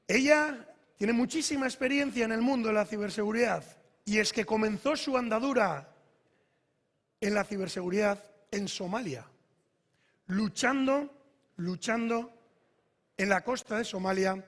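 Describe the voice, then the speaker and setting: A man's voice: high voice, a bit bright. A man, formally introducing a guest speaker on stage. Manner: formal, building up to applause. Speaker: event host. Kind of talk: formal stage introduction, switching between Basque and Spanish. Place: large conference hall. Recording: long hall reverb.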